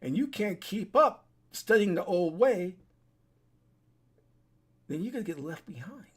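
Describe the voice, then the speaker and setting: A man's voice: high voice, big pitch swings, unhurried, husky. A man giving an urgent, preachy solo monologue to his desk webcam, repeating his points and restarting his sentences. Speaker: online commentator. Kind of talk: solo warning monologue to camera. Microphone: webcam setup at a desk.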